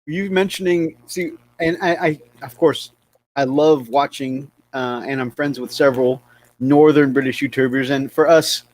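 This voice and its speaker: A man's voice: mid-range voice, fairly even intonation, moderate pace, darkish tone. A man hosting a hobby livestream, enthusiastic and greeting viewers. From United States. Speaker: host. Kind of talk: livestream chat.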